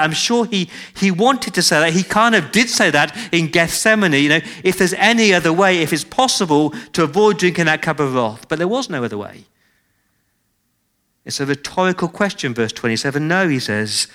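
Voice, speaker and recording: Male pastor with a fairly high voice, preaching to a church, dramatic swings, slows down for emphasis. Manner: expressive, dramatic shifts in pitch and loudness; slows down for emphasis on key phrases. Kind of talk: sermon.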